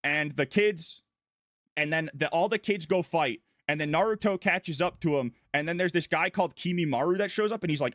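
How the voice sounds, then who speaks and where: Casting note: male vtuber, slightly higher voice, irreverent rambling recap, dry close mic. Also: brisk, fairly bright tone, no room sound. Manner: goofy, irreverent, breathless run-on storytelling. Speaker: vtuber streamer. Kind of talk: casual rambling plot recap.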